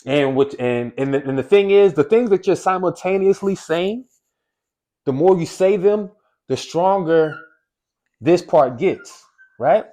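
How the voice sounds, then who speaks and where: An expressive, mellow man with a higher voice gives a casual pep talk to camera as a weight-loss coach. He repeats key phrases and slows down whenever he wants a single word to land.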